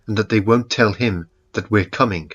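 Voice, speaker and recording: A man's voice: lowish voice, moderate pace, a bit bright, slightly rough, lo-fi sound. A man voicing a skeptical male investigator.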